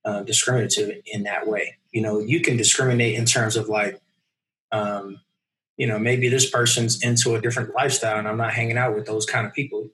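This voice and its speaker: A man in his thirties, a podcast guest, telling a personal story in a casual, animated way and acting out the people in it. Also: on the low side, fairly quick. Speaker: podcast guest, mountain runner.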